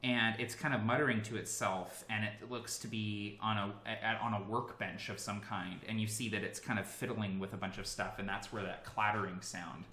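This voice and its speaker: A man's voice: lowish voice, fairly even intonation, normal speed, few pauses, pushed and bright. A man narrating a tabletop game as game master, loose and hesitant, with many fillers. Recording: echoey room with faint hiss.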